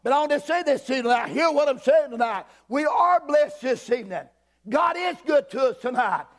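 Preacher man, very high voice, fervent, repetitive, breaks into shouts. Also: animated, fairly quick. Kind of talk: sermon.

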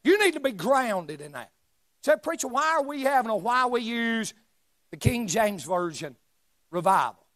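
A man preaching a sermon in a church, shouting emphatic lines and dropping into joking asides. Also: very high-pitched, very animated, normal speed, no room sound. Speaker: pastor. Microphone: live stream mic.

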